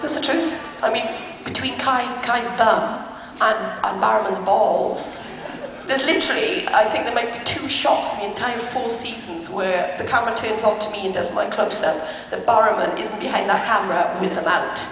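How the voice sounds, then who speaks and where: A woman at a convention panel, telling lively anecdotes between bursts of laughter. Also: fairly high pitch, normal speed. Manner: animated, laughing storyteller. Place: large convention hall. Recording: echoey hall from far off, loud crowd noise. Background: loud crowd and hall noise.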